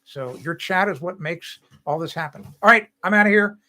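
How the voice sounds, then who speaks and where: A man's voice: high-pitched, moderate pace, pushed and bright. An older man hosting a live stream, chatting casually and rambling with viewers, often laughing.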